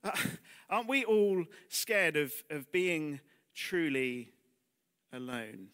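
A man's voice: a little high, big pitch swings, takes it slowly, a bit bright, clean tone. A man preaching a sermon in church, talking conversationally with rhetorical questions and self-deprecating asides, dropping almost to a whisper on heavy lines.

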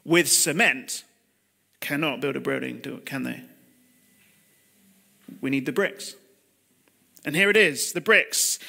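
A man in his thirties gives a sermon over a video call, his voice pitched high. He talks plainly and personally, confessing his own failings and asking his listeners questions. The tone is bright and forward. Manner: confessional, conversational preaching with rhetorical questions. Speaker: preacher. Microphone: computer mic on a video call.

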